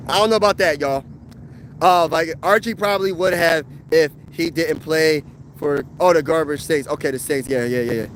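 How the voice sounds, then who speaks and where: A high-pitched young man from Pennsylvania riffs on football in loose, slangy chat. He fires off rhetorical questions and keeps an easy, animated flow. A faint hum sits beneath his voice. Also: normal speed, poor audio. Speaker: sports talk livestream host. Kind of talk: casual live chat reading viewer comments.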